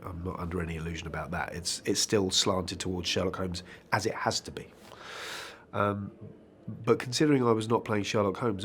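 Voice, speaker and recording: A man's voice: fairly low pitch, fairly bright tone, slight background noise. An actor answering interview questions about his work in a thoughtful, conversational way, with dry self-deprecating asides.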